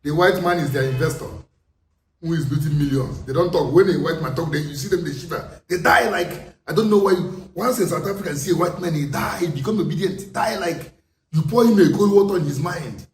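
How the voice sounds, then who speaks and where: A man with a Nigerian accent argues forcefully in a political monologue, pressing his point with rhetorical questions. His voice sits a little high. He is recorded from a distance in an echoey room with faint background noise. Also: fairly quick. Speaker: commentator.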